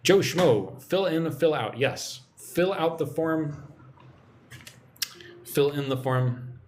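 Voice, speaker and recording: Slow, lively man teaching English. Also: on the high side, a little hiss or hum. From United States. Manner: relaxed and chatty, reading out viewer comments. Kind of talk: live-streamed English lesson.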